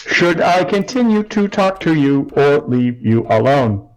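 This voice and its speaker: Stiff robot-like construct, slow and formal, a man putting it on for a tabletop game. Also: fairly high pitch, big pitch swings, darkish tone, low-quality recording.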